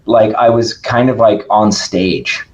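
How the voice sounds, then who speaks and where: A man talking as a podcast guest in casual conversation, energetic and emphatic, often checking in with "right?". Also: fairly low pitch, slow pace, muffled recording.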